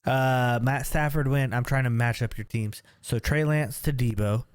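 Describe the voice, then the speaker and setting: A man co-hosting a casual fantasy football podcast, thinking out loud as he runs through draft picks. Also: mid-range voice, moderate pace, clear, resonant tone, dry recording, studio quality. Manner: animated, thinks aloud while listing picks. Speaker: podcast co-host.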